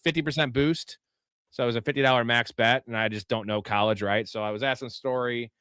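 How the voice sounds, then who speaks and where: A chatty man hosts a live sports stream in a bright, crisp voice. He talks through bets and greets the chat with casual swearing. The sound is dry and close. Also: medium pitch, fairly even intonation, fast talker, no room sound. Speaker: host.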